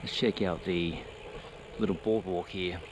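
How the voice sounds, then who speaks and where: A man's voice: sits low, fairly even intonation, measured pace. A man, chatting casually to his viewers as he rides his bike along rural roads, filming himself on a camera mounted to the bike. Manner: chatty, talks to dogs and viewers while riding. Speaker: cycling vlogger. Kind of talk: casual ride vlog narration. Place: outdoors on rural roads while riding a bike. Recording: noisy outdoor camera audio.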